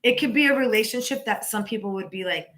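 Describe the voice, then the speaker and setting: Bright-voiced woman doing a tarot reading. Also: fairly high pitch, quick pace. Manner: rambling, with many restarts and repeated "you know"; emphatic and encouraging. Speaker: tarot reader. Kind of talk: casual live tarot reading.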